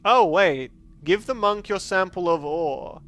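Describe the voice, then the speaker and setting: A man's voice: sits high, slow, a bit bright. A man streaming a card game, chatty and joking as he thinks aloud about his choices. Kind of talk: casual game commentary.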